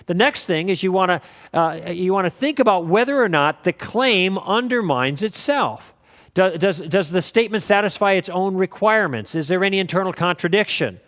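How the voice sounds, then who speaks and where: High-voiced man lecturing in a hall. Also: expressive, normal speed, fairly bright tone. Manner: conversational storytelling with acted quotes. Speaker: teacher. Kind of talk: apologetics class lecture.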